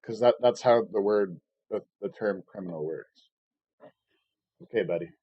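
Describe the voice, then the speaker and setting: Streaming live, a man goes on a rambling, profane rant full of fillers, often sarcastic and mocking. His voice is on the low side with a breathy edge, and his pace is moderate. The audio is dull, with no echo.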